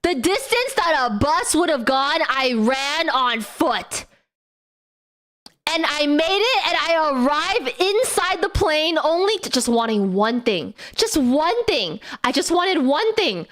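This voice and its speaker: A woman's voice: high voice, slow. A young woman streamer telling a story in casual, profane talk, with frequent laughter. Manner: animated, profane, laughs often.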